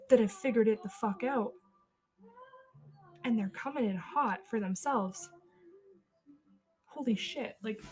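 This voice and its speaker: Woman, podcast host, loose chatty tarot reading; higher voice, filler-heavy, casual swearing, restarts. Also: a little mellow, rough recording. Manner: thinks aloud, stumbles and restarts.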